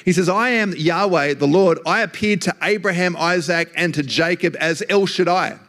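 A man's voice: high-pitched, moderate pace, a bit bright. A man preaching an earnest, emphatic sermon in a conversational way.

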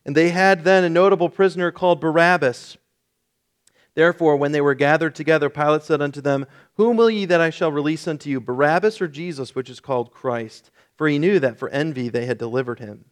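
A male pastor reading a long scripture passage aloud during a sermon, in a solemn, measured way. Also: fairly high pitch.

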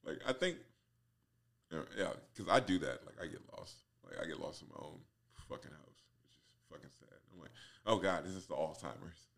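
A man's voice: very deep voice, big pitch swings, fairly quick, gravelly, a bit bright, slightly rough. A man in his forties hosting a solo podcast, rambling casually, swearing freely and laughing at himself. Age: 40s. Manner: laughs often, swears freely, self-mocking. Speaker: podcast host.

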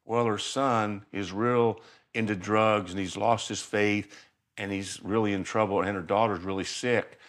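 An older man voicing Jesus as a calm, patient, gently teasing house guest in a spoken story. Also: fairly low pitch, a little slow, voice pushed down. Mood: earnest.

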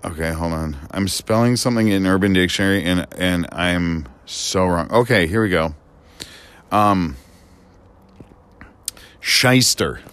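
A man co-hosting a casual chat podcast, joking around with animated, stammering restarts. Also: low voice, measured pace, long pauses, smooth. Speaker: podcast co-host.

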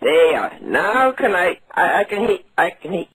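A man's voice: sits high, big pitch swings, unhurried, fairly bright tone, dry recording, heavily acted, low-quality recording. A man voicing a confused, frail old woman on a prank call, rambling and stammering, mishearing and repeating himself. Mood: muddled. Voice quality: quavering, creaky. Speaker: prank caller.

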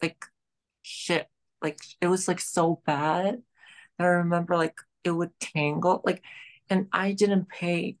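A woman's voice: fairly low pitch, steady tone, measured pace. A woman, a podcast guest chatting casually and rambling with lots of fillers. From country of Georgia. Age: late 20s. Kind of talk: casual chat.

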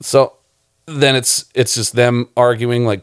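A man's voice: lowish voice, little pitch movement, normal speed, clear, resonant tone, no echo, studio quality. A man who directed a short film, chatting loosely about it on a podcast, rambling and swearing often. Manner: rambling, profane, laughs often. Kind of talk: casual podcast chat.

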